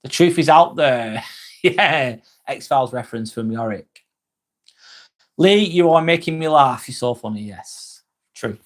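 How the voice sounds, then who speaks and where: A man's voice: mid-range voice, expressive, unhurried. Male streamer, casual and jokey, reads chat aloud, swears freely. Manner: reads viewer comments aloud and replies, joking and swearing freely. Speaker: live-stream host.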